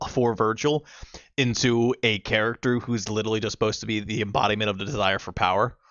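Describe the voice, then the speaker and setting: A man's voice: on the low side, fairly even intonation, fairly quick, a bit bright, no room sound. A man co-hosting a casual game-review chat, rambling and hesitant, with many fillers. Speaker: podcast co-host. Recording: dry, dull lo-fi mic.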